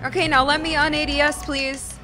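A young woman streaming a horror game, talking to her chat with excitable, jumpy reactions and swearing when startled. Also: sits high, fairly quick. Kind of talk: live gameplay commentary. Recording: game music behind voice.

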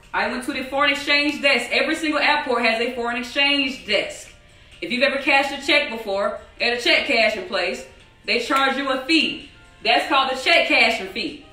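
A woman teaching a live online trading class, animated and repetitive, asking the audience many rhetorical questions. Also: on the high side, roomy sound, distant mic, low-quality recording. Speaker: trading instructor.

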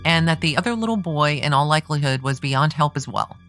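A woman's voice: deep voice, animated, fairly quick, fairly bright tone, faint music behind. A woman reading a pressing male defense attorney. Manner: pressing, leading questions with tag questions. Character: persistent male defense attorney cross-examining. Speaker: true crime podcast host. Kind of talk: reading a trial transcript aloud.

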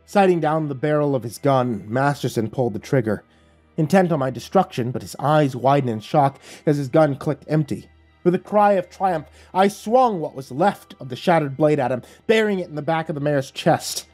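A man reading a horror story aloud in a measured, dramatic storytelling voice. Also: fairly high pitch, expressive, a little mellow. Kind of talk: scripted horror narration. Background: faint music.

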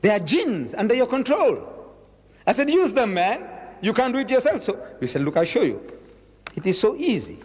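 A man's voice: sits high, sing-song, normal speed, darkish tone, husky. A man gives a dramatic public lecture, acting out dialogues and firing rhetorical questions. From South Africa. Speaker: Islamic lecturer. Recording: reverberant lecture hall.

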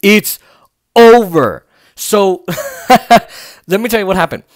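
High-voiced man in emphatic, mocking commentary. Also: slow. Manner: animated, emphatic, repeats words for emphasis; mocking, sarcastic asides. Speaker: political commentary vlogger. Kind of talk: casual political commentary.

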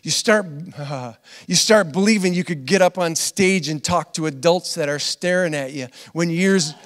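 A man preaching a conversational sermon as pastor. He is earnest, laughs often, repeats phrases, and swings from loud emphatic lines to quiet asides. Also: on the high side, normal speed, big-room sound. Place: church hall.

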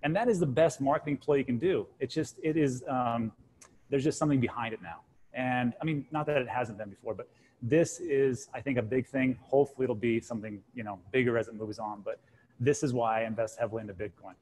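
Fast-talking animated man in his forties. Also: mid-range voice, slight background noise, low-quality recording. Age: 40s. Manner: animated storyteller, acts out quotes. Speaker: guest co-host, crypto channel host. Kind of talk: casual panel chat.

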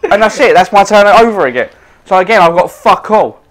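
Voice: mid-range voice, animated, a little fast. A player giving let's-play commentary, laughing often and joking wryly about losing. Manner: laughs often, wry and self-mocking. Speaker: video game player.

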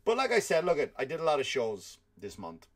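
A man with an Irish accent, a comedian hosting a podcast, telling stories in an animated, swear-filled rant. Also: a little high, a little fast. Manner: animated storytelling with frequent swearing. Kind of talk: ranting comedic monologue.

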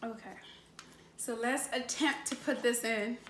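A woman's voice: fairly high pitch, fairly even intonation, measured pace. A woman in her late twenties unboxing a new camera in a vlog, gushing and exclaiming as she goes, recorded indoors. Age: 20s. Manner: gushing, exclaims often, laughs between remarks. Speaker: YouTuber. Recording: echoey room with faint noise.

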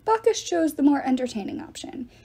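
A woman reading a novel aloud with lively, expressive narration. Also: sits high, brisk. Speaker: reader.

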